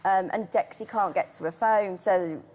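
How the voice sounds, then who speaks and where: A middle-aged woman, talking through a painful memory as an interview guest. Her telling is halting and emotional, with restarts and quoted voices. Her voice sits at an ordinary pitch for a woman. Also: darkish tone. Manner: tearful, halting storytelling. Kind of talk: emotional personal account.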